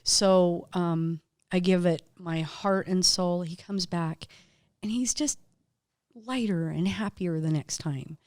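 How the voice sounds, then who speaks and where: A woman's voice: fairly low pitch, takes it slowly, darkish tone, no echo, clean studio sound. A woman acupuncturist, a guest in an interview, telling stories in a heartfelt, emotional way. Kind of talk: casual interview conversation.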